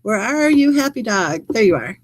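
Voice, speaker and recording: A woman's voice: on the high side, big pitch swings, moderate pace, slight background noise, low-quality recording. Wry woman reading chat comments. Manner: wry, chatty asides between comments. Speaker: true crime channel host.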